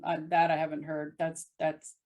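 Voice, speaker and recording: A woman's voice: low-pitched, completely flat delivery, moderate pace, darkish tone. Woman host reacting briefly. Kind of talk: casual interview listening.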